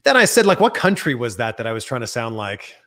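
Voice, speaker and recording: A man's voice: mid-range voice, big pitch swings, fast talker, a bit bright. A man hosting a casual interview over a video call, asking playful, joking questions. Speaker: host.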